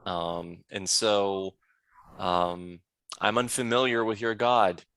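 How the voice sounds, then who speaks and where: A man's voice: on the low side, steady tone, takes it slowly, fairly bright tone, smooth, dry recording. A man playing an earnest male knight of a nature order, polite and hesitant.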